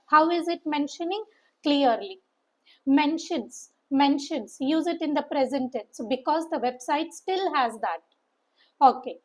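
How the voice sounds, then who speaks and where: A woman's voice: sits high, low-quality recording. A woman teaching English, walking through a sample letter and repeating key words for emphasis. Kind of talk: explaining a sample letter in a lesson.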